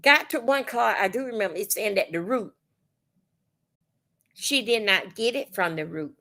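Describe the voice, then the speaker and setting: A woman hosting a casual livestream, talking bluntly and profanely in an animated, storytelling way. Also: mid-range voice, moderate pace. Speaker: livestream host. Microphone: phone or webcam on livestream.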